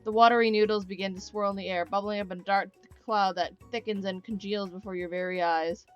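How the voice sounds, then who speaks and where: A woman's voice: medium pitch, fairly even intonation, fairly quick, smooth. A woman doing let's play commentary, reading the game text aloud dramatically with sardonic, swearing asides. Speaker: let's player. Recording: slightly dull recording, faint music.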